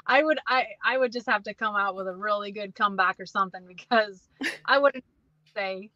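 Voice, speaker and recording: A woman's voice: medium pitch, normal speed, sharp tone, no room sound, muffled recording. A woman guest on a podcast, chatting casually and laughing often. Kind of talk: casual chat.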